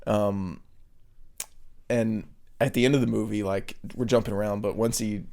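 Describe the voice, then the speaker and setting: A man's voice: on the low side, fairly even intonation, moderate pace, gravelly, mellow. A man co-hosting a podcast, chatting casually and enthusiastically about a film, swearing often and using lots of fillers. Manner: loose and enthusiastic, with frequent swearing and filler words. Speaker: podcast co-host. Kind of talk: casual film review chat.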